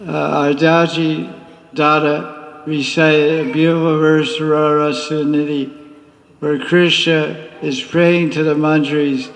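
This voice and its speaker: A man, a spiritual teacher, giving a lively devotional class with teasing asides. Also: fairly high pitch, slow, vocal fry. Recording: echoey hall reverb.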